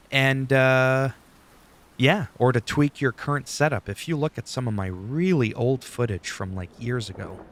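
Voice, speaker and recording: Explaining recording settings in a casual screen-recorded tutorial, a YouTuber with a medium-pitched, fairly bright voice rambles, swears and chats. He's seated at his home desk setup, talking into a studio dynamic mic.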